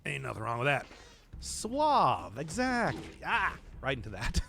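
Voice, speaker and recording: A man's voice: medium pitch, huge pitch swings, unhurried, creaky, sharp tone, faint music behind. A man chatting casually to his viewers while playing a game, rambling and chuckling often as he answers chat. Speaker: streamer. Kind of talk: casual live-stream commentary while gaming.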